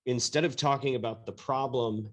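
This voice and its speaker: A man's voice: mid-range voice, fairly even intonation, normal speed. A man hosting an interview podcast, speaking thoughtfully with frequent restarts and fillers. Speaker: podcast host. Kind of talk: casual interview chat.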